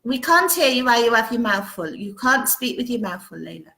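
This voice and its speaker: Woman, live chat host, casual, greets viewers by name, bright forceful voice, roomy echo. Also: fairly high pitch, big pitch swings, fairly quick, creaky. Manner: greets viewers one by one, reading out comments. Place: home.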